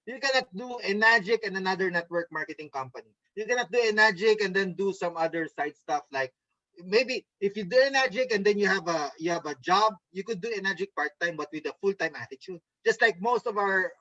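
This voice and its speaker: Upbeat high-voiced male trainer. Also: bright, forceful tone, no room sound, muffled recording. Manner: upbeat, coaxing, keeps asking "okay?"; mimics gloomy voices to make a point. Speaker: network marketing trainer. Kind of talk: motivational training talk over video call. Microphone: video call microphone.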